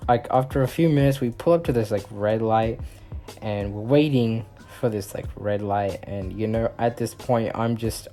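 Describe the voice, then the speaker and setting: In a storytime vlog, a young man with a lowish, mellow voice wanders through his story. It's loose, casual talk packed with filler words.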